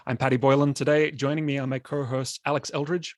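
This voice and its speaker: A man's voice: medium pitch, level tone, quick pace, no room sound, studio quality. Chatty man hosting a podcast. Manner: upbeat, chatty, joking. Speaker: podcast host. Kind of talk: casual podcast chat.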